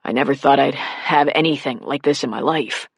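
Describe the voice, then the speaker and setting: A woman reads a devoted, tender man in a storybook voice, pitched deep and kept soft, sometimes dropping to a hush. The sound is dry and close, with no room around it. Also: moderate pace, vocal fry, husky, dry recording, heavily acted. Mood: urgent. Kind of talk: audiobook character voice.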